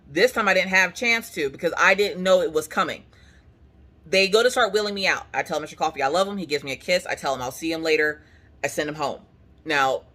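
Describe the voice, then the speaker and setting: A woman vlogging casually from her couch, telling a story with animated energy and acting out what people said. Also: deep voice. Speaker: crafting vlogger. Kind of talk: casual chat. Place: home, on a couch.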